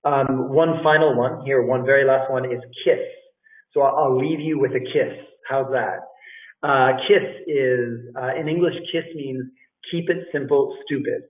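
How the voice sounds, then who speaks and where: A man's voice: mid-range voice, steady tone, a little slow. Man teaching, echoey distant phone-like sound. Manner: casual, repeats phrases, calls listeners "guys". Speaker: English teacher and language school director. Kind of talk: live talk on job interview tips.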